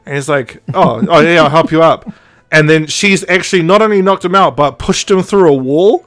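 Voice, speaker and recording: A man's voice: a little high, moderate pace, soft background music. A man hosting a podcast, retelling a story in casual chat and acting out the quoted lines. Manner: chatty, animated, acts out quoted dialogue with laughs. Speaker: podcast host.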